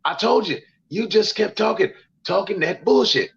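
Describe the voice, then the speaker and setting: A male comedian chats on a livestream, swearing freely and hammering points by repeating them. His voice sits a bit high. The call audio is dull and lo-fi. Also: lively intonation, moderate pace, gravelly, a bit bright. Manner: profane, ranting, repeats himself. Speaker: comedian guest. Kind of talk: casual livestream chat. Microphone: remote call.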